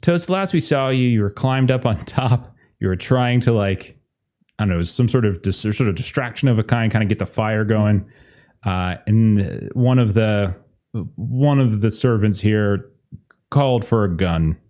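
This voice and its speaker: A man running a tabletop game as game master, narrating in an animated, rambling way and laughing often. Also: fairly low pitch, measured pace.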